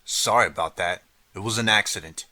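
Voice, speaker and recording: A man's voice: fairly low pitch, expressive, moderate pace, pushed and bright, dry recording. A man voicing a drunk, sneering teenage boy bully in an audiobook, sarcastic and menacing.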